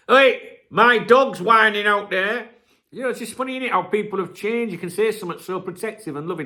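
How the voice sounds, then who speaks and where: Middle-aged man, rambling casual chat, swears freely, very animated pitch. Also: brisk. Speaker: channel host.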